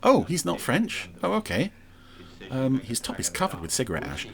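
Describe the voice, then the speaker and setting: A man's voice: mid-range voice, wildly swooping pitch, normal speed. A man hosting a podcast, giving chatty, wry watch-along commentary on an episode, with fond asides. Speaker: podcast host.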